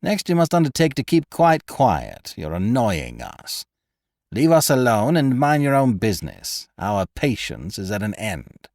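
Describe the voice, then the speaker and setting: A man voicing a menacing, misshapen male clerk turned crook, with gruff, mocking threats. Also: mid-range voice, very animated, measured pace, a little mellow, dry recording, studio quality, voice pushed up. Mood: threatening.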